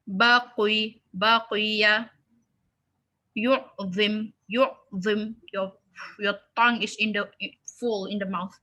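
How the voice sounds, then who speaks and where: A woman's voice: a little high, sharp tone. A woman teaching a beginners' recitation lesson online, patiently sounding out syllables and words over and over for learners to copy. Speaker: tajweed teacher.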